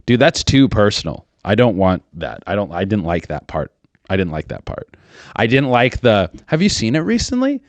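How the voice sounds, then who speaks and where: A man's voice: sits low, lively intonation, normal speed, dry recording. A man in his thirties hosting a podcast, rambling crudely and profanely with lots of fillers and restarts. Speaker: podcast host. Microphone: studio microphone.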